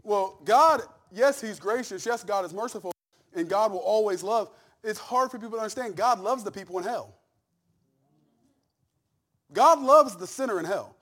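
A middle-aged male pastor preaching a sermon with folksy humor, swinging from soft, intimate asides to shouted climaxes. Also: sits high, expressive, normal speed. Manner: humorous, folksy storytelling with laughs.

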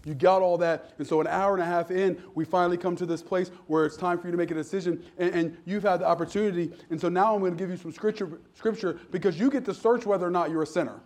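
A man's voice: high-pitched, fairly even intonation, fast talker, hardly any pauses, darkish tone. A middle-aged man preaching a sermon as pastor, folksy and joking, building to emphatic preaching. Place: church.

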